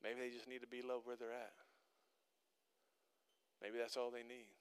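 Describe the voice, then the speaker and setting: In church, a male pastor delivers a sermon in a clear, resonant, mid-range voice that barely shifts in pitch, moving at a moderate pace. He tells everyday stories conversationally, then builds to emphatic, repeated exhortations to his congregation.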